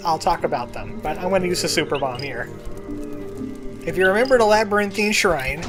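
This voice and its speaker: A man's voice: high voice, fairly bright tone. A man giving casual, self-deprecating gameplay commentary as a let's-play gamer. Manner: self-deprecating, chatty, jokey. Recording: game music playing underneath.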